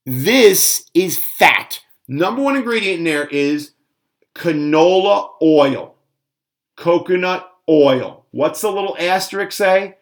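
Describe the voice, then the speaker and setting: A man's voice: high-pitched, vocal fry, a bit bright. A middle-aged man ranting sarcastically in a casual home cooking vlog. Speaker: fitness vlogger. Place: home kitchen.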